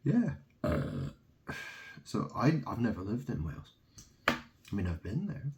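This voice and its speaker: A man's voice: lowish voice, huge pitch swings, measured pace, vocal fry. A man from England delivering a rambling solo monologue, ranting and mocking, swearing freely.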